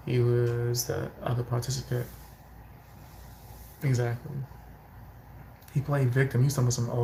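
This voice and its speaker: A man doing casual reaction commentary, laughing hard and wheezing as he tries to hold back loud laughter. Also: mid-range voice, gravelly, a little hiss or hum, low-quality recording. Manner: animated, quotes people mid-story.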